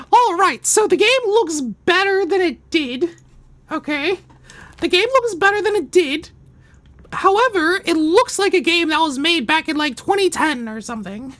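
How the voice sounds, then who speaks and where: A man putting on a shrill cartoon mouse voice while chatting through game commentary. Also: lively intonation, unhurried, pauses often, a bit bright, heavily acted. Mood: chatty. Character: squeaky high cartoon mouse, cheerful male.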